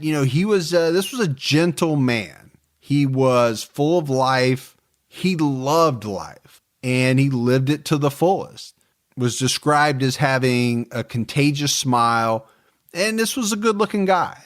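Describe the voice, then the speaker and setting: A man's voice: a little high, animated, slow pace. Man telling a true-crime case casually. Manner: storytelling, joking, many fillers. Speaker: podcast co-host.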